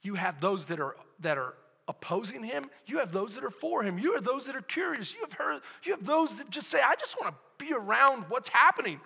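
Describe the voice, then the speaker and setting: A man with a Texan accent preaching a sermon as pastor, animated, acting out the scene in voices and swinging from shouting to hushed asides. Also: very high voice, brisk, gravelly, few pauses, slightly rough, long reverb tail.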